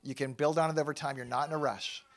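A middle-aged man giving a casual, animated sermon to a live church audience, self-deprecating and thinking aloud with frequent restarts. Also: fairly high pitch, fast. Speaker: pastor.

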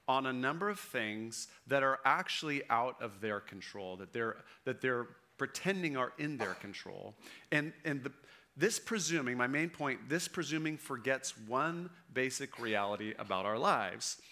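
A man's voice: medium pitch, animated, unhurried, sharp tone. A man giving a sermon as a pastor, talking in a conversational, emphatic way and checking in with "right?" and "okay?".

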